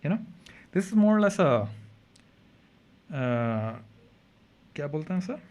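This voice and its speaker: In a muffled recording, a man with a slightly high, darkish voice talks fast and very animatedly. He's a tired chemistry tutor leading a late-night online revision session, chatting casually and checking in with students often.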